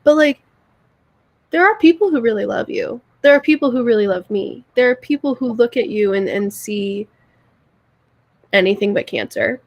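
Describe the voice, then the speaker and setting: A woman's voice: a little high, expressive, moderate pace, long pauses, a little mellow, no echo. Earnest young woman, dry close sound. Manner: earnest, repeats words, rambling restarts. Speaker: podcast co-host. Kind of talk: heartfelt casual chat.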